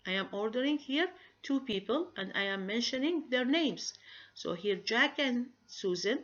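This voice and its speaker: A woman giving a recorded grammar lecture, pausing often and asking rhetorical questions. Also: a little high, expressive, fairly bright tone. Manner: halting, many fillers and restarts, rhetorical questions. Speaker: grammar teacher. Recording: dull lo-fi recording.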